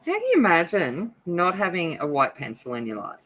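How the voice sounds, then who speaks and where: A woman's voice: lowish voice, huge pitch swings, brisk, fairly bright tone. A woman chatting casually and telling rambling stories while she colors at home. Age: adult. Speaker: coloring channel host.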